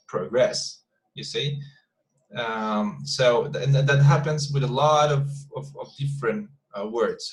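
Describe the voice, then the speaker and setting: Male teacher on a video call, mid pitch, halting and repetitive. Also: a bit bright, poor audio. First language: Spanish. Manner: hesitant, many repeated words and fillers. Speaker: English teacher. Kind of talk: online class instruction.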